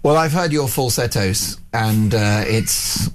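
A man's voice: lowish voice, lively intonation, slow pace. A man hosting a radio talk show, chatting casually and reading headlines aloud with a joking manner.

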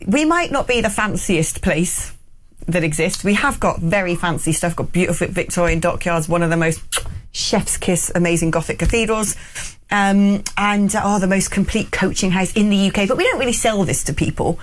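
A woman's voice: medium pitch, moderate pace. A woman from Gloucester, hosting a talk radio show in a chatty, jokey way. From England, Gloucester. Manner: chatty, jokey, laughs often. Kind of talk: casual chat on air.

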